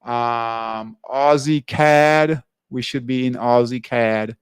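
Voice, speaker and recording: A man hosting a live trading class, stepping through currency pair charts in a halting way and filling the gaps with "all right". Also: mid-range voice, clean tone, no room sound, clean studio sound. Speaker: trading show host.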